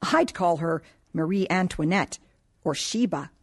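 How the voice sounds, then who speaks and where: Brief: quiet, curious adult woman, gentle and a bit shy, read plainly by the woman narrator. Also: lowish voice, expressive, measured pace, slightly rough.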